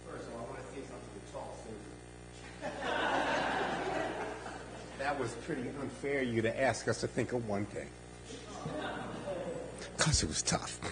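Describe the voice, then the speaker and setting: A man's voice: mid-range voice, unhurried, long pauses, background noise. A man in his sixties, an old college friend, giving a wry, joking eulogy at a memorial service. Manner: wry, joking, self-deprecating. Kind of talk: memorial eulogy, anecdotal storytelling.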